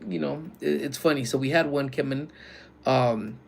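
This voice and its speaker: Live-streaming from his security job at a community center, a man chats easily with viewers in relaxed slang and shouts greetings to newcomers. His mid-range voice is gravelly and moderately paced, with slight hiss or hum in the background.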